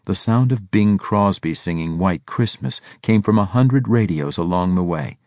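Man narrating an audiobook, very deep voice, dry close sound, steady measured reading. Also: dry recording. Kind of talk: scripted narration.

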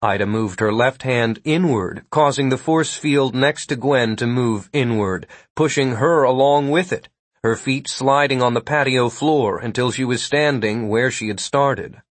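Husky-voiced man narrating a story. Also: medium pitch, unhurried, dry recording. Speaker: audiobook narrator. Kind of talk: scripted narration.

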